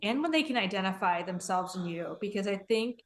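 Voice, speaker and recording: A woman's voice: medium pitch, lively intonation, brisk, slight background noise. A woman hosting an interview, speaking earnestly and reflectively from her own experience. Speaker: podcast host.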